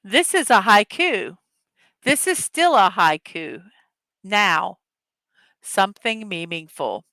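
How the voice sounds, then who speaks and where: A woman hosting a daily morning show in a casual, upbeat, chatty way, reading puzzle words slowly one at a time and greeting her viewers. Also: medium pitch, sing-song, sharp tone, no room sound. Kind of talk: casual livestream chat, reading puzzle words and memes aloud.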